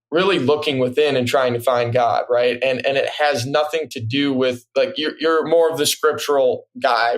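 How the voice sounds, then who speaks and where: A man talking as a podcast guest in casual chat, reflective and hesitant, filling pauses with "like" and "right?". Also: medium pitch.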